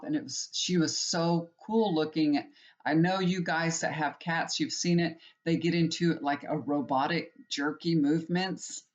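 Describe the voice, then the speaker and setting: A middle-aged woman chatting casually to her viewers as a tarot reader and healer, retelling stories with frequent laughs and an animated manner. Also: low-pitched. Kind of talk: casual storytelling chat to viewers. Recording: slightly dull lo-fi sound.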